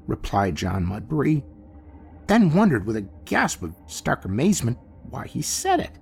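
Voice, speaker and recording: A man narrating a classic horror story in an expressive, theatrical manner. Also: on the low side, normal speed, gravelly. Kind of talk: dramatic horror story reading. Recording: faint music bed behind.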